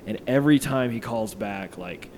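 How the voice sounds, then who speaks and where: A man's voice: on the low side, normal speed, a little mellow, a little hiss or hum. A man casually telling a long story, rambling and swearing freely, with lots of filler words. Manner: rambling, profane, heavy use of "like".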